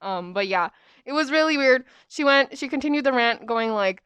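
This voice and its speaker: A woman's voice: high-pitched, expressive, moderate pace, fairly bright tone, clean tone, no echo. Young woman, podcast host, casual rambling storyteller, dry close sound. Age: young adult. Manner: rambling, chatty, lots of fillers.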